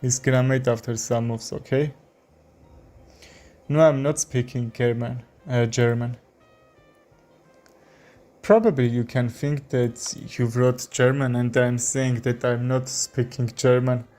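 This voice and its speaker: A man from Armenia with an Armenian accent, a chess streamer commenting live in halting English with many fillers. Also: medium pitch, steady tone, darkish tone, faint music behind.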